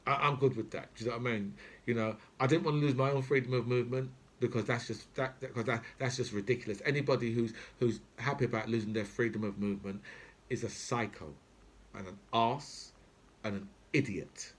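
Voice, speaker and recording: British male host, husky, mid-pitched, swears a lot, keeps saying "right?". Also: fairly even intonation, fairly quick. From Britain. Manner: profane, repetitive, keeps asking "right?". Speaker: channel host. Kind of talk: angry political rant to camera.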